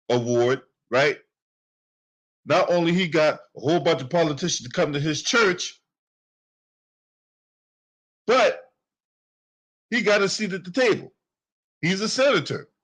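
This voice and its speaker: A man's voice: on the high side, a bit bright. Heated, profane man ranting commentary. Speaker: political commentary host. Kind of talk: angry political commentary.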